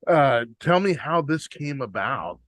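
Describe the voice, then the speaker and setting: A man's voice: medium pitch, sing-song, measured pace, fairly bright tone, no echo. A man hosting a casual chat, reacting to the story with short exclamations. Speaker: host.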